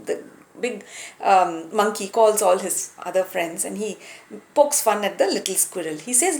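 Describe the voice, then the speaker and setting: A woman telling a moral story as a lesson, in a warm, unhurried way with some hesitation, recorded in a room with a roomy echo. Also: mid-range voice, sing-song. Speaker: storyteller, teacher.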